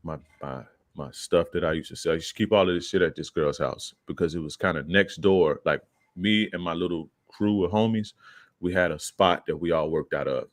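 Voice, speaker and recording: A man's voice: deep voice, a little fast, no room sound, clean studio sound. A young man, a podcast guest, casually telling a profane street story and acting out the quoted lines in a raised voice.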